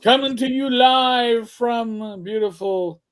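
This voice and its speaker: A man with a New York accent, co-hosting a casual livestream chat in a halting, rambling way with many restarts. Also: very high-pitched. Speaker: podcast co-host.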